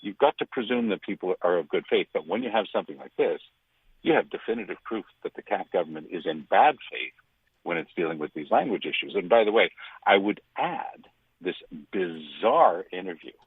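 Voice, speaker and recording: A man's voice: animated, brisk, husky, dry recording. Emphatic man on a thin phone line. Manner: emphatic, indignant, swings pitch widely for stress. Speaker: radio commentator. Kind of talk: opinionated radio commentary. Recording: dry, phone-like radio line.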